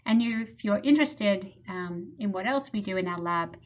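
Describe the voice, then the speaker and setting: A woman's voice: medium pitch, expressive, darkish tone. Woman presenting her lab's research. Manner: measured, explanatory. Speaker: lab head presenting research. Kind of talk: prepared webinar presentation. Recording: slightly muffled webinar audio.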